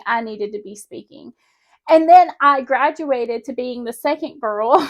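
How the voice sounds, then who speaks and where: Woman, high voice, chatty, laughs mid-sentence, casual vlog storytelling. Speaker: spiritual vlogger. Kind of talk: casual personal storytelling to camera.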